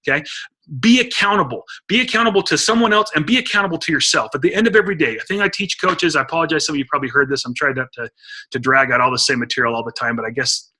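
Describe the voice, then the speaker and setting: A middle-aged man giving an energetic coaching talk to a sales team on a conference call, urging listeners he calls guys. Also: fairly high pitch, racing, slightly rough. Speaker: motivational speaker on a team call. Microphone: phone or computer mic on a conference call.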